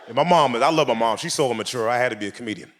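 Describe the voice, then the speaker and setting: A man doing a stand-up comedy set on stage, animated and jumping into high shouted voices when acting out quotes. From Portland, Oregon. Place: theater stage before a live audience. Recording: live stage recording with audible audience noise.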